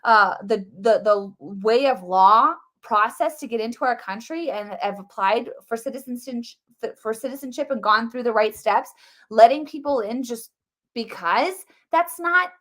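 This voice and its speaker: A woman hosts a live political commentary stream, talking rapidly and emphatically in a slightly high, somewhat bright voice. She repeats herself often and packs her sentences with "like".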